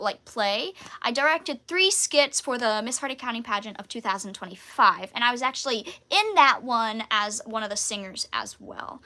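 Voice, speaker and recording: A woman's voice: a little high, pushed and bright. A woman hosting a casual live Q&A, chatting in a bubbly, giggly way. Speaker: channel host answering viewer questions.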